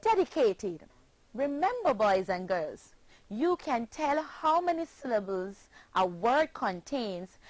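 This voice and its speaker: A woman's voice: a little high, no echo, poor audio. A Jamaican woman teaching children a pronunciation lesson, chanting phrases and spelling words out letter by letter. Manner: slow, sing-song chanting with patient spelling out.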